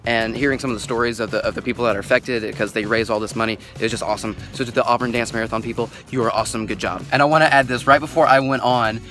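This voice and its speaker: A young man chats to his camera in an upbeat, joking way while he drives and packs up his gear. His voice is bright and forward, a little stuffy from a cold, picked up close by a headset mic. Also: medium pitch, steady tone, very fast, few pauses, soft background music. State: sick, stuffy nose. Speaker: vlogger and magician. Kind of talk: casual vlog talk. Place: outdoors and in a car. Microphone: headset microphone.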